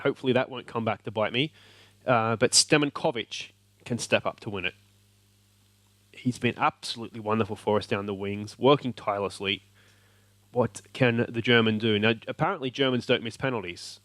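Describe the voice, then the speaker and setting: A man with an Australian accent hosting a let's play, giving excited commentary and cheering at the screen. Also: mid-range voice, no room sound. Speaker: video game let's play host.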